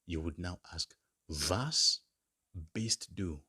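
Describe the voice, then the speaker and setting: Slow, husky male German tutor. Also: deep voice, sharp tone. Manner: slow, drawn-out modelling of example phrases; repeats words for learners. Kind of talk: lesson explaining German phrases in English.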